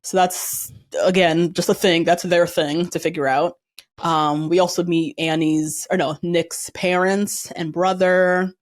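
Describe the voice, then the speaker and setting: A woman's voice: lowish voice, measured pace. A woman hosting a podcast, chatting casually about a reality show, laughing often and acting out what people said. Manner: animated, laughs often, acts out quotes. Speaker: podcast host. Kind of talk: casual recap chat.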